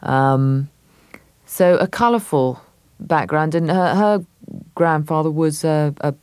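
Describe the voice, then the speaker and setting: An English actress as a radio interview guest, telling stories thoughtfully with many hesitations. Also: female voice, deep voice, slow pace, a little mellow, smooth, no echo.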